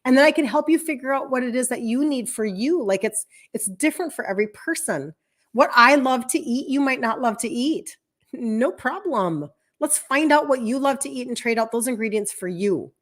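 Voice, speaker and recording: A woman in her fifties speaks casually to viewers on a live stream, sharing health coaching at her desk. Her voice sits on the higher side, and her delivery is chatty and meandering, with lively acted-out quotes. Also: normal speed. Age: 50s. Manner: chatty and rambling, acts out quoted speech.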